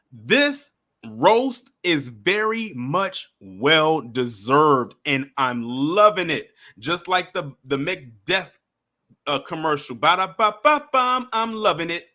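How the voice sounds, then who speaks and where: A man hosting a livestream, giving animated, mocking reaction commentary and chatting with his viewers. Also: on the high side. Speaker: livestream host.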